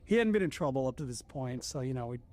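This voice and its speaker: A man's voice: medium pitch, quick pace. A middle-aged man casually telling a long military story with lots of profanity, acting out the voices of the people in it. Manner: profane, animated, acts out quoted voices.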